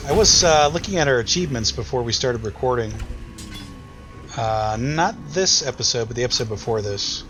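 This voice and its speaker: A young man from the United States narrates his play in a loose, rambling way, stopping to puzzle over menus and poke fun at himself. His voice sits at an ordinary middle pitch. Game music plays clearly behind him. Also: expressive, moderate pace, a bit bright. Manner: rambling, thinking aloud, self-deprecating. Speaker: gaming YouTuber. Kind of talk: casual let's-play commentary.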